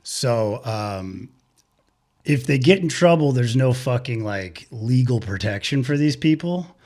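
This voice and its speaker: A man's voice: mid-range voice, expressive, a little slow, darkish tone. Man, podcast co-host, casual chat, rambling, swears, lots of fillers. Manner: rambling, profane, filler-heavy storytelling.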